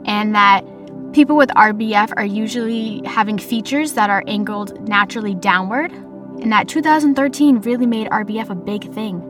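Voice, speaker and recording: A young woman in her twenties telling a casual personal story in a chatty, animated way, quoting other people as she goes. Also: medium pitch, normal speed, over music. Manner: chatty, animated retelling with quoted voices.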